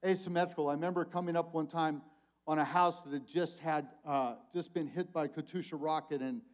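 An older man delivers a sermon in a loose, conversational style. He swings from loud, emphatic calls to soft, low asides, and his voice sits a little high for a man. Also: a little fast. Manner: animated, conversational preaching with big swings in volume. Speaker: conference speaker.

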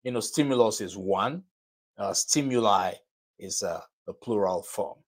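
A man hosting a live broadcast and podcast, giving a motivational talk in a deliberate, repetitive way that leans on key phrases. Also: on the low side.

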